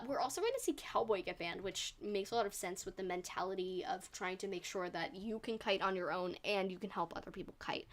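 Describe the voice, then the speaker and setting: A young woman is casting an esports match live on her own, talking in a chatty, bubbly way and laughing at herself. Her voice sits in a middle pitch for a woman. She mixes quick explanations of the picks with cheerful asides. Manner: chatty, bubbly, self-deprecating, laughs often. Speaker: esports commentator. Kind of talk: solo live esports commentary.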